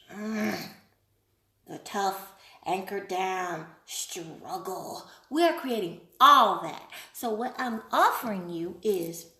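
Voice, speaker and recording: Lively woman host on a livestream, bright voice, roomy echo, laughs a lot. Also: mid-range voice. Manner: playful, animated, laughs often; answers viewer questions as she crafts. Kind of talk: casual live-stream chat.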